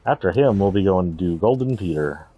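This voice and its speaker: A man's voice: low voice, expressive, fairly quick, warm tone, breathy edge, dry recording, faint music behind. A man giving casual, rambling gameplay commentary, thinking aloud and correcting himself as he goes. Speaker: streamer.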